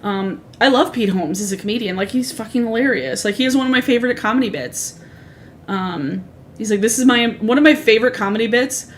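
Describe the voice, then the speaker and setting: A woman's voice: on the high side, a little fast, a little hiss or hum. Chatty, rambling woman streamer in her thirties. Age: 30s. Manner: rambling, chatty, swears freely, self-correcting asides. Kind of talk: casual livestream chat. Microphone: streaming microphone.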